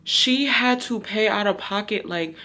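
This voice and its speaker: A woman's voice: mid-range voice, unhurried, sharp tone. A woman in her thirties vlogging outdoors, telling a rambling, confiding personal story. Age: 30s. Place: outdoors, windy.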